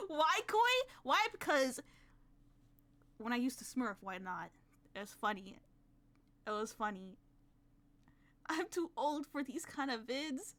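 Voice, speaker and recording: A woman streaming a reaction to a video, talking excitably and shouting and laughing when she protests. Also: high-pitched, a little slow, long pauses. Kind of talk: live reaction commentary.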